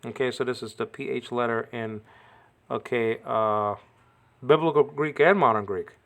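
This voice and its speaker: A man's voice: mid-range voice, normal speed, gravelly, a bit bright. Chatty man teaching, saying okay a lot. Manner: peppers speech with "okay" and checks understanding; repeats words while correcting pronunciation. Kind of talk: informal language lesson.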